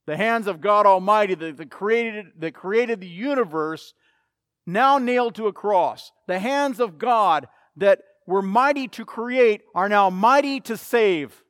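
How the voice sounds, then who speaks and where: A man's voice: high voice, animated, measured pace, a bit bright, dry recording, clean studio sound. A man preaching a sermon, emphatic and repeating key phrases for effect. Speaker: pastor.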